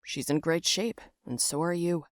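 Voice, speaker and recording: A woman's voice: low-pitched, normal speed, no echo, clean studio sound, lightly acted. A woman doing a smug, dismissive dad. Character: dismissive middle-aged father.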